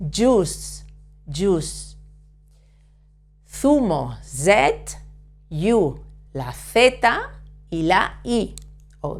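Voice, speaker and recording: A woman from teaches at a very unhurried pace, patiently repeating each word and spelling out letters one by one. Her voice sits at an ordinary middle pitch, with faint music playing quietly behind her. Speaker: Spanish teacher. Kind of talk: slow, careful spoken lesson.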